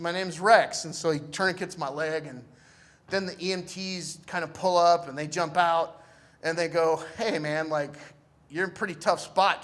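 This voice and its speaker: A man's voice: sits high, a bit bright. A young man telling a personal story to a live audience, laid-back and joking, acting out the people in it. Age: young adult.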